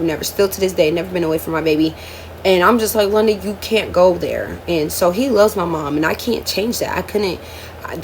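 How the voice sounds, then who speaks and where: A woman's voice: fairly low pitch, slight background noise. A woman in her twenties telling her life story to viewers in a casual storytime vlog, emotional and candid, often calling out "y'all.". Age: 20s.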